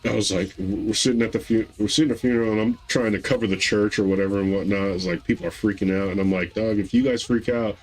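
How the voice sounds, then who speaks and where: A man in his thirties telling a long family story in casual podcast chat, rambling with fillers and acting out quotes in a higher voice. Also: level tone, quick pace, hardly any pauses, low-quality recording. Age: 30s. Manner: rambling, acts out quotes with raised pitch. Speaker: podcast co-host.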